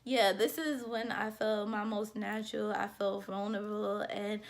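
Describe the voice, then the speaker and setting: A woman's voice: medium pitch, fairly even intonation, normal speed, gravelly. Earnest young woman vlogging heartfelt thoughts. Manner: earnest, heartfelt, rambling with many fillers. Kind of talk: candid personal vlog.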